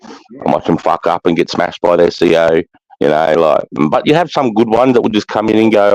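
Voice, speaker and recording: A man's voice: low-pitched, steady tone, normal speed, a little mellow, no room sound, rough recording. A middle-aged Australian man, a former army sergeant, telling war stories in casual chat, bluntly and with constant swearing. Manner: blunt, heavy swearing, keeps adding "mate".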